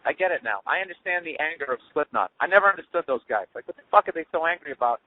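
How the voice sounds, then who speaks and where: A man's voice: fairly high pitch, lively intonation, racing. A man hosting a podcast, riffing alone in a profane, sarcastic ramble while he drives. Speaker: podcast host. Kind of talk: rambling solo monologue. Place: in a car while driving. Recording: tinny phone-like sound.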